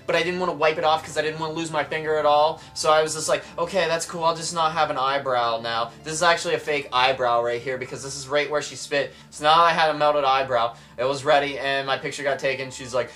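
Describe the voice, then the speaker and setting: Bright-voiced young man spinning a rambling comic tale. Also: fairly high pitch, fairly even intonation, fast, hardly any pauses. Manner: rambling, exaggerated, many "like"s. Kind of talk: comic storytelling to camera.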